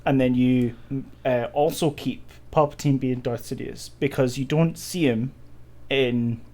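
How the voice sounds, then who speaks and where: A Scottish man of middle pitch co-hosting a podcast, explaining his points at length with plenty of fillers. He laughs easily and keeps the chat loose. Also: fairly even intonation, a little slow, warm tone. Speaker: podcast co-host. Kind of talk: casual chat.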